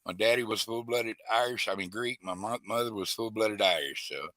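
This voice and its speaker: A man's voice: lowish voice, fairly quick, crowd noise. A man chatting casually on a live stream, folksy, with a lot of stammering and restarts. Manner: folksy, stammering, greets chat by name. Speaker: guest co-host of a live stream.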